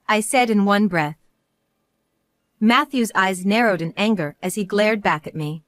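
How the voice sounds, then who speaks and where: A middle-aged woman reading a first-person story in a calm, measured, resolute way. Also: medium pitch, no echo, studio quality. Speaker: narrator.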